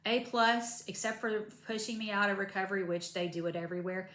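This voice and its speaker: A woman's voice: mid-range voice, brisk, echoey room. A woman, chatting casually to camera about her recovery after surgery, rambling with lots of asides. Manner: chatty, rambling, animated retelling with many asides. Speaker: vlogger.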